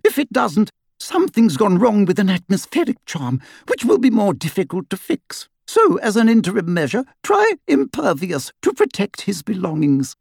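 A man reading an audiobook, voicing a clever, anxious teenage witch girl who gives quick, precise instructions. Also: high voice, wildly swooping pitch, creaky, darkish tone, slightly rough, no room sound, clean studio sound, voice pushed up, full character voice. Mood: instructive.

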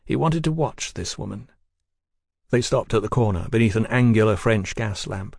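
A man's voice: lowish voice, moderate pace, vocal fry, darkish tone, no echo. Man narrating an audiobook, dry sound.

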